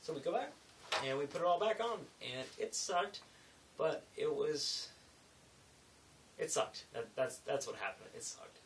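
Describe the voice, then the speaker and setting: A young man telling a rambling, animated story in a casual vlog, full of asides and self-corrections. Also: a little high, measured pace, pauses often, far from the mic, a little hiss or hum, low-quality recording. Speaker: vlogger.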